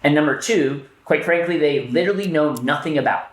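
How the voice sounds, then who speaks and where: A man co-hosting a podcast, telling stories in casual chat, animated, swearing, often restarting his sentences. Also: a little high, brisk. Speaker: podcast co-host. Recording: roomy echo.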